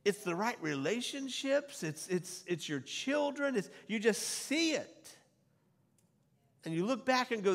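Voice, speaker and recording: A middle-aged male pastor preaching to a congregation, rising into loud scripture quotes and dropping back to conversational asides. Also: high voice, very animated, normal speed. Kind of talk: sermon. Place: church sanctuary before a congregation. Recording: long hall reverb.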